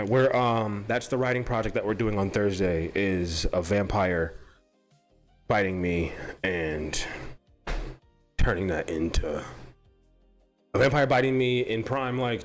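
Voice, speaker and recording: A man hosting his own show, rambling while high, repeating and tripping over his words and swearing often. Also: slow, faint music behind. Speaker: podcast host. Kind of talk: rambling stoned brainstorm.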